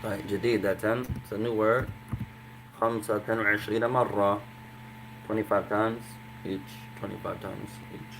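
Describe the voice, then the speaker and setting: Man drilling Arabic words slowly. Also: fairly low pitch, little pitch movement, noisy background. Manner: drills new words by slow repetition; mixes Arabic and English, addresses students as brothers. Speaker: Arabic teacher. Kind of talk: language class instruction.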